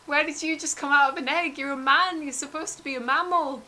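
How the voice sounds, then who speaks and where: A woman voicing Terry, a panicky, bewildered young man, talking shrill and fast. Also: fairly even intonation, bright, forceful tone. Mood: panicked.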